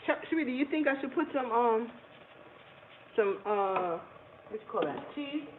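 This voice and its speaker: On her casual cooking livestream, a cooking channel host chats with viewers from her kitchen and laughs a great deal. Her voice is expressive and on the high side, delivered at a normal speed. Faint background noise sits behind tinny, phone-like audio.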